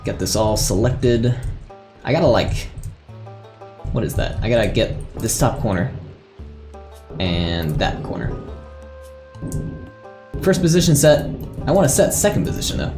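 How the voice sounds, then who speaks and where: Man, live streamer, chatty, laughs a lot, lively pitch, faint music behind. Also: a little slow, long pauses. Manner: chatty, laughs often, thinks aloud. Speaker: streamer and server admin. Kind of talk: casual live-stream chat.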